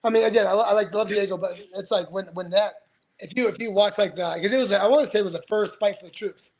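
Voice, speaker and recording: A man's voice: high-pitched, fast, darkish tone, muffled recording. A man in his forties, a retired fighter, telling stories as a podcast guest in a rambling, profane way, full of restarts. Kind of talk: casual storytelling interview.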